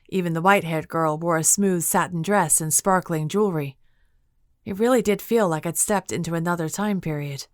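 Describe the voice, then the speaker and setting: A woman narrating a fantasy audiobook in the first person, in a steady, measured storytelling manner from a studio booth. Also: on the low side, no echo.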